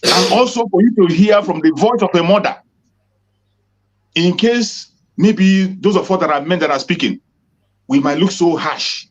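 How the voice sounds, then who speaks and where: A man's voice: sits high, normal speed, muffled recording. A Nigerian man hosting an online broadcast, earnestly exhorting his audience. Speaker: host.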